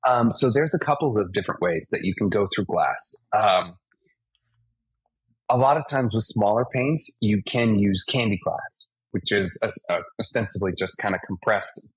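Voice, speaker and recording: Man, 40s, stunt performer guest, husky, vivid storyteller. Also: fairly low pitch, moderate pace, no echo, poor audio. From United States (Massachusetts). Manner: animated anecdotes, acts out impacts and sound effects. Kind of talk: casual storytelling interview.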